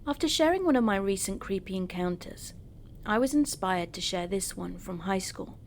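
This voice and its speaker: A woman narrating true horror stories in a steady first-person storytelling manner. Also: medium pitch, moderate pace, slight background noise.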